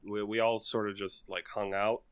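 A man's voice: lowish voice, level tone, moderate pace, a crowd in the background. A man co-hosting a casual podcast chat over a call, rambling and swearing with many restarts. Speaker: podcast co-host.

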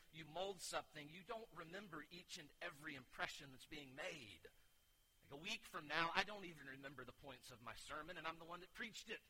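A man preaching a sermon as pastor, moving from quiet teaching to loud, urgent exhortation and often restarting with repeated words. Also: a little high, rough recording. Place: church sanctuary.

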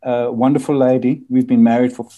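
A man's voice: medium pitch, level tone, fairly quick, highs cut off. An older man who grew up in the Belgian Congo, telling rambling anecdotes as a guest in a casual interview. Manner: rambling anecdotes with frequent murmured agreement.

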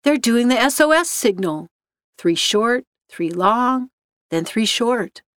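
A woman voicing a calm, matter-of-fact office worker in a spoken story. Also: a little high, takes it slowly, dry recording, clean studio sound. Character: office worker woman, level-headed, reads Morse code.

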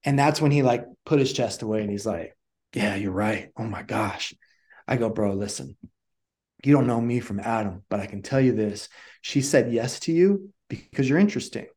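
A man's voice: mid-range voice, a little fast. A middle-aged man who coaches communication, telling stories casually in an interview and acting out the dialogue. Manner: animated storyteller who acts out dialogue.

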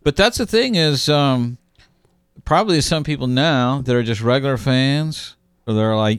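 A man's voice: medium pitch, normal speed, clean tone, dry recording, clean studio sound. A man co-hosting a podcast in casual chat, rambling and acting out quotes in put-on voices. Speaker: podcast co-host.

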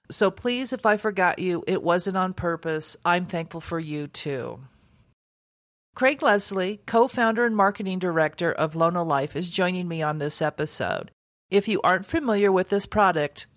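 A woman hosts a food podcast in a somewhat low voice. Her delivery is earnest and heartfelt. The sound is dry and close. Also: dry recording. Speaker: podcast host. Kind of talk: scripted podcast intro and interview.

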